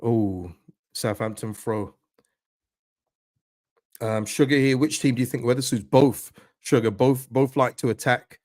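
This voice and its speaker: A man hosting a live football watchalong stream, reacting excitedly to the match and answering viewers' chat messages. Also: mid-range voice, unhurried, pauses often, no room sound, studio quality. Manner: excitable, pleading, chatty with viewers.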